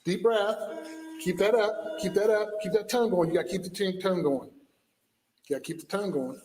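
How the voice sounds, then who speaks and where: A man's voice: high voice, normal speed, darkish tone, a little hiss or hum. Stern male police officer, echoey room. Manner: stern and commanding. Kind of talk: commands to a detainee.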